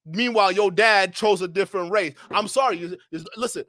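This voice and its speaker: A high-pitched man hosts a livestream in heated commentary. He rants loudly and profanely, often repeating words. His voice is dry and close to the mic. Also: brisk, dry recording. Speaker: livestream host.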